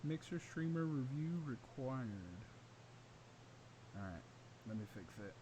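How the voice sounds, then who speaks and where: A man's voice: mid-range voice, animated, a little slow, very noisy. A man hosting a gaming podcast in casual chat, upbeat and chatty with frequent laughs. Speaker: podcast host. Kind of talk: casual chat while setting up a livestream.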